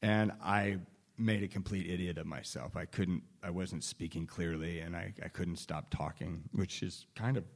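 This man has a low, steady voice and speaks at a moderate pace. He tells a frank story of his own recovery with wry self-deprecation, frequently restarting sentences and chuckling along the way.

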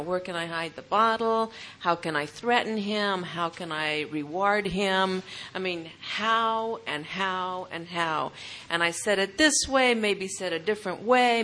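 Slow earnest woman sharing her story. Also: mid-range voice, sharp tone. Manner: earnest storytelling, repeats phrases for emphasis. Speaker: speaker at a recovery meeting. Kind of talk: personal testimony talk.

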